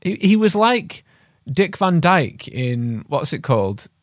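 A man's voice: fairly high pitch, very animated, takes it slowly, dry recording, clean studio sound. A man co-hosting a podcast in casual chat, rambling and riffing on jokes, with the odd swear. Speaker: podcast co-host.

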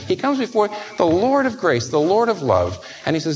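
A man preaching a sermon, animated, moving from soft asides to emphatic peaks and acting out the voices he quotes. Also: a little high, a little fast, hardly any pauses, rough recording.

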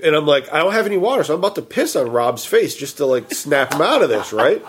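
A man casually telling a story, animated and quoting himself and his friends. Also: on the high side, quick pace, a little hiss or hum.

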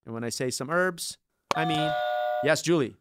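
A man's voice: a little high, background noise. Jokey man hosting a food debate show. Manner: jokey, theatrical, quick asides. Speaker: podcast host. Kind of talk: playful game-show style hosting.

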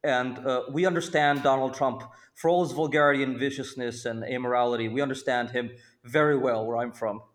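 A man from Brooklyn, New York, giving commentary as a panel guest, with a halting delivery full of restarts that turns emphatic on key points. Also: medium pitch, fairly even intonation.

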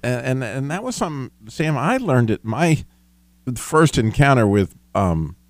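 A man's voice: medium pitch, big pitch swings, measured pace, dry recording. A man hosting a casual faith-based discussion, talking earnestly and self-deprecatingly with stumbling restarts.

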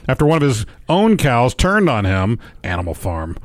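A man's voice: medium pitch, big pitch swings, moderate pace, dry recording. A man co-hosting a radio show, reading odd news stories aloud in playful banter. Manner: jokey, playful, mock-reading quotes. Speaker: radio co-host. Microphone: studio microphone.

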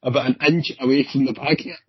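Husky Glaswegian man telling stories. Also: medium pitch, no echo. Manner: animated, swearing, hurried storyteller. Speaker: former police officer. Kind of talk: casual anecdotal storytelling. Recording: dull lo-fi sound.

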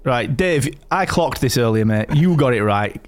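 A man co-hosting a casual podcast chat, animated and prone to mimicking voices. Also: medium pitch, normal speed, no room sound. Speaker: podcast co-host.

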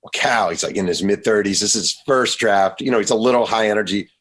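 Man, radio interview guest, husky voice, lowish pitch, lively storytelling. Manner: animated, quick to act out quotes. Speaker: author guest.

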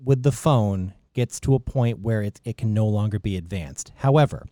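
A man co-hosting a podcast in loose, rambling banter, often trailing off mid-sentence. His voice is warm and mellow, recorded dry and close with no room sound. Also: on the low side, moderate pace, no room sound. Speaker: podcast co-host.

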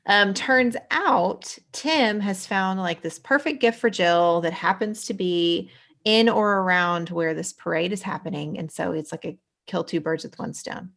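A woman's voice: lowish voice, measured pace, creaky, a bit bright. A woman co-hosting a podcast, casually recapping a sitcom episode in a rambling way, correcting herself with ums and likes. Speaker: podcast co-host.

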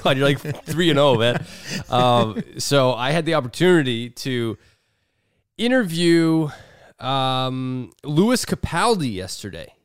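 A man hosting a podcast, chatting casually and telling animated stories, acting out the people in them. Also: mid-range voice, slow pace, clean tone, no echo, studio quality. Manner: animated storyteller, mimics others. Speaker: podcast host. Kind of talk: casual chat.

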